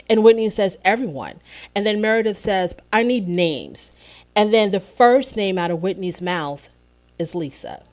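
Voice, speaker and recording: A woman casually recapping a reality TV episode, telling it as a chatty, opinionated story. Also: medium pitch.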